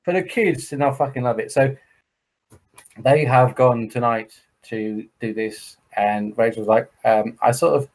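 A man's voice: mid-range voice, measured pace, a little mellow, poor audio. An English man co-hosting a podcast, telling a long sweary story in casual chat and acting out the other people in it. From England. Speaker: podcast co-host.

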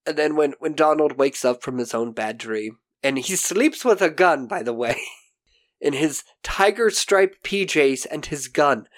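A man co-hosting a podcast, recapping a TV episode in animated casual chat, swearing casually and acting out quotes. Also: fairly high pitch, measured pace. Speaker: podcast co-host.

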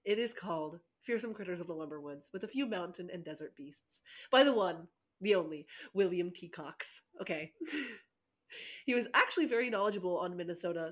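A playful woman co-hosting a casual podcast. She giggles often and swears freely, with a voice pitched a bit low. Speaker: podcast co-host.

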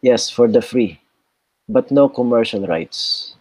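Low raspy guy co-hosting a chill chat, kinda fried voice, dry sound. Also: slow, darkish tone, no echo, rough recording. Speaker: co-host. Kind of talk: casual chat.

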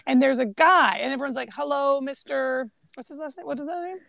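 A woman in casual film-discussion chat, relaxed and retelling scenes with quoted lines. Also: sits high, racing, creaky, a loud crowd.

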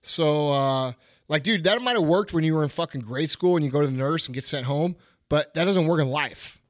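A middle-aged man speaks in a somewhat high voice, blunt and heavy on profanity as he rants. The sound is close and dry, recorded on a studio mic with no room behind it. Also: a little fast, no room sound. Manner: blunt, profane, fired-up ranting. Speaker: podcast host. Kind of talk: casual podcast chat.

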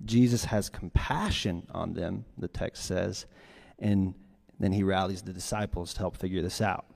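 A man preaching a sermon as pastor, telling stories with lively swings between loud, quick lines and hushed, quiet ones. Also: low voice, gravelly. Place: church sanctuary. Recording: long hall reverb.

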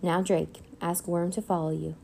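A calm old wizard who gently instructs his young pupils, as a woman reads him aloud. His voice sits low with a gravelly edge and a dark, mellow tone. He speaks steadily and kindly, like a storybook teacher. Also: moderate pace, slight background noise.

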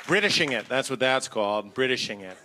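A man doing a stand-up comedy set on stage, animated and self-mocking. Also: medium pitch, brisk, a loud crowd, heavy background noise. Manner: animated, self-mocking, slips into goofy voices. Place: comedy stage before a live audience.

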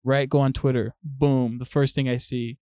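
A young man co-hosting a laid-back podcast, mid-pitched, with dry and close sound. He tells stories with animation and swears often, and his talk stays casual and unpolished. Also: flat delivery, moderate pace, warm tone, no room sound. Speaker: podcast co-host. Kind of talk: casual chat.

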